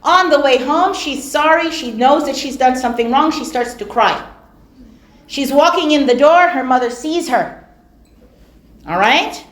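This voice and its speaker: Animated woman lecturing in an echoey hall. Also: high voice, measured pace. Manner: animated, acts out quoted voices, repeats words for emphasis. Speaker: Islamic lecturer. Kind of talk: storytelling religious lecture.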